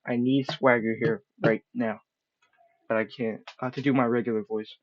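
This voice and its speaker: A man's voice: medium pitch, flat delivery, moderate pace, lo-fi sound. Rambling man streaming a game. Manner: rambling, self-deprecating, swears casually. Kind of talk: casual live-stream commentary. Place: room at home.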